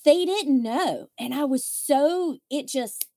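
Woman, podcast host, casual chat, wry candid storytelling, fairly high pitch, dry close mic. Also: slow pace, warm tone, no room sound. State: widow.

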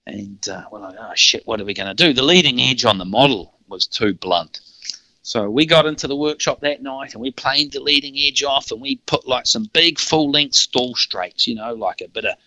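A middle-aged man with a New Zealand accent tells stories on a podcast in a loose, rambling way, laughing often. His voice is very bright and sits in a middle pitch. The sound is close and dry. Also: no echo, rough recording. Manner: rambling, laughing, frequent restarts. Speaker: podcast guest. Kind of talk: casual storytelling.

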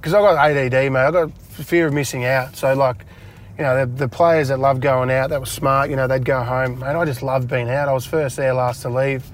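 A man's voice: medium pitch, fairly even intonation, a little fast, a little hiss or hum. Chatty Australian man with a laugh. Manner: chatty, laughs often, acts out dialogue in a raised voice. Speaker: interview guest, retired footballer. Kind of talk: casual storytelling interview. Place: inside a parked car.

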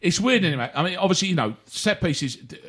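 A man's voice: high-pitched, animated, fast, fairly bright tone, breathy edge. A man hosting a casual football chat, rambling and jokey with many restarts. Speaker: podcast host.

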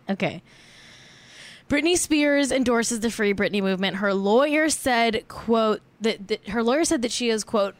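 A young woman hosting a podcast in casual chat, a little tipsy, rambling and giggly with lots of fillers. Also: fairly high pitch. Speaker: podcast host.

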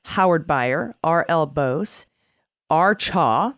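A woman's voice: deep voice, animated, slow, no echo, studio quality. Chatty sarcastic woman podcast host. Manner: laughs often, chatty and sarcastic. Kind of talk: casual political podcast chat.

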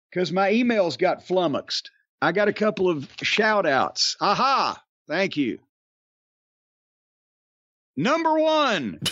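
A man's voice: high voice, a bit bright, no room sound. A man hosting a podcast, rambling and wisecracking with plenty of swearing. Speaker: podcast host. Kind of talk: casual podcast talk. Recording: dry, dull lo-fi sound.

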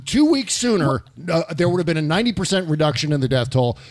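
A man's voice: on the high side, sing-song, quick pace, no room sound, studio quality. Impassioned male political talk host. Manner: impassioned, ranting, swears.

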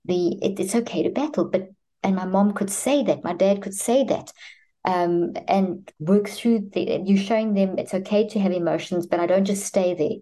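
A woman's voice: medium pitch, normal speed, dark tone. A woman speaking as a guest expert in an interview, explaining earnestly and with emphatic repetition. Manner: earnest, emphatic, repeats herself.

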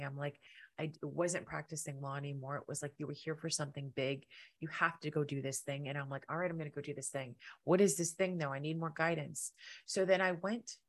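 A middle-aged woman hosting a podcast, telling a personal story in an animated way and acting out the lines of people in it. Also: gravelly. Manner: animated, acts out quotes with big pitch jumps. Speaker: podcast host.

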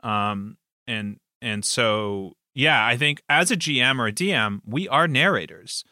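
A man who hosts a podcast and runs tabletop games, chatting casually in an animated way and laughing often. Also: mid-range voice, measured pace, dry recording, studio quality. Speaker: game master and podcast host. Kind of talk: casual chat.

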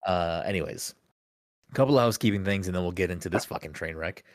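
Man, podcast host, low voice, dry close sound, casual chat, swearing, rambling. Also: fast, no room sound. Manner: swears freely, rambling with restarts.

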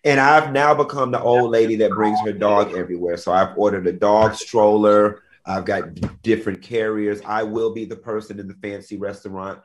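A man's voice: on the low side, steady tone, normal speed, few pauses, a little hiss or hum. Man, co-host, flamboyant, playful, dramatic storyteller, casual talk show chat.

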